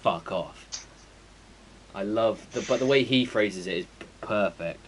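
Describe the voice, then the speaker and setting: Male streamer, low-pitched, rambling and sweary, faint background hiss. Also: moderate pace, low-quality recording. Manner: rambling, sweary, full of fillers. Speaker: game streamer. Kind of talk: casual chat before a stream.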